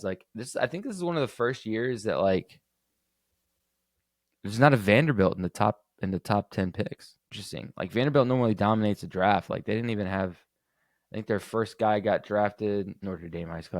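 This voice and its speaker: A man's voice: fairly low pitch, dry recording, clean studio sound. A young man hosting a casual solo sports podcast, rambling loosely with lots of fillers and restarts. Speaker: podcast host.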